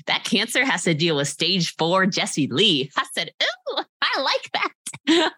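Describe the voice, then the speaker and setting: Interview guest: a woman with a low, forceful voice, blunt and emphatic. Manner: emphatic and animated, blunt, swears freely. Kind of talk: personal interview storytelling.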